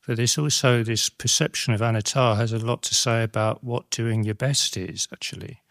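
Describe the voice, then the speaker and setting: A middle-aged man giving a Dhamma talk as a Buddhist monastic teacher, reflective and halting, with many restarts and tag questions. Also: medium pitch, gravelly, a bit bright, no echo, studio quality.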